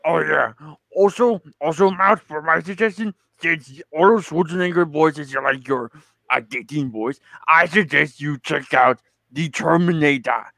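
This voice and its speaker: A man in casual group chat who talks haltingly, with many restarts. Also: a little high, creaky, bright, forceful tone, no echo.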